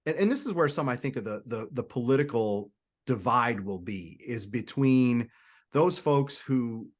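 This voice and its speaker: A man's voice: medium pitch, expressive, a little slow. A man hosts a panel talk, thinking aloud with plenty of false starts and repeated words. He stays conversational and unsure while he passes along questions from viewers. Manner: hesitant, many restarts and repeated words. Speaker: host.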